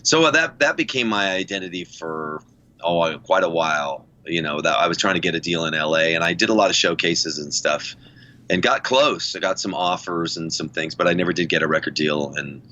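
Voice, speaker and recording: A man's voice: low voice, a little fast, sharp tone, lo-fi sound. A middle-aged man from the United States, a musician guest on a podcast, telling long, rambling stories and laughing often. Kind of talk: casual podcast interview.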